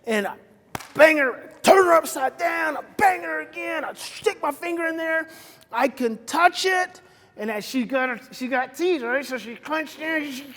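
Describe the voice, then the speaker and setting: A man speaking at a live seminar, telling a story dramatically, with his voice swinging from loud outbursts to hushed whispers. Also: very high-pitched. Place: seminar hall. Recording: long reverb of a large hall.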